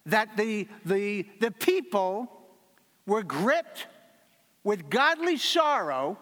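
A pastor with a notably high, somewhat bright voice preaches a sermon from the pulpit, speaking very slowly with lively intonation. He is earnest and repeats his key lines for emphasis, while a long reverb makes it sound as if he's filling a large church hall.

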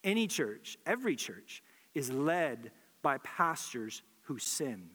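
A man's voice: mid-range voice, very animated, takes it slowly, sharp tone, husky, in a large hall. A man preaching a sermon as pastor, earnest and repeating phrases for emphasis.

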